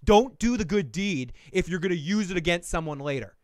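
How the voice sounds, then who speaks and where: Male podcast host, fairly high voice, dry close mic, profane heated rant style. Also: lively intonation, fairly quick, no room sound. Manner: ranting, profane, acts out characters' lines. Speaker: podcast host reviewing a TV show. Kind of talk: casual recap chat.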